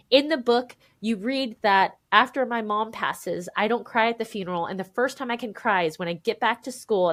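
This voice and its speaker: A woman in her thirties, a podcast guest telling her own story in an animated, emphatic way, acting out what others said to her. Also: on the high side. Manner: animated, emphatic, quotes people in voices. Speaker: podcast guest, memoir author. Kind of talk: candid conversational storytelling.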